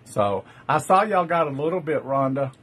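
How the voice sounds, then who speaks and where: A man's voice: fairly high pitch, lively intonation, moderate pace, fairly bright tone, husky. Chatty Texan man hosting a live sale. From Texas. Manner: chatty, greets viewers by name and calls them love. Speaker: online jewelry seller hosting a live sale. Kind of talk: live-stream sales chat.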